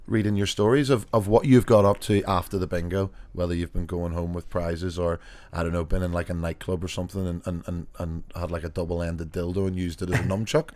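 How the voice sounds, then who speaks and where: A man's voice: deep voice, level tone, fairly quick, a little mellow. A man hosting a podcast in casual chat, joking and laughing with his co-hosts. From England. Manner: laughing, joking, tries comic accents. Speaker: podcast host.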